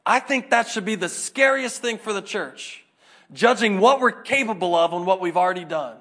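A man preaching a sermon, animated and acting out the voices in the scripture stories. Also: sits high, moderate pace. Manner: animated, acts out scripture dialogue in varied voices.

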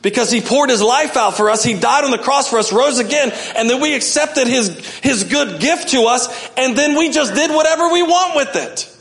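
A man preaching a sermon as pastor, animated, often acting out voices and swinging from loud to hushed. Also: very high-pitched, moderate pace, hardly any pauses. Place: church.

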